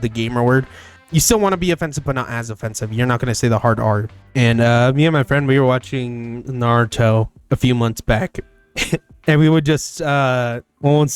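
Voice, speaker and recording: A man's voice: mid-range voice, smooth. Casual, profane young male gaming host. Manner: casual and profane, with loud excited bursts. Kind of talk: casual solo commentary.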